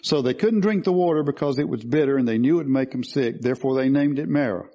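A man preaches a sermon, teaching through scripture and asking his congregation questions. His medium-pitched voice is warm and quick, captured in lo-fi sound.

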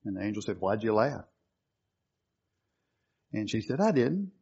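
A man's voice: lowish voice, steady tone, unhurried, slightly rough. Guy preaching a sermon, punches key words, kinda muffled lo-fi recording. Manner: emphatic, quoting scripture with rising stress.

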